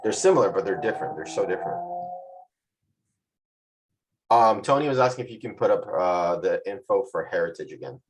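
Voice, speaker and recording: A man's voice: sits low, lively intonation, quick pace, a little hiss or hum, poor audio. A man hosting a virtual tasting group over a video call, chatting casually with playful jokes and asides.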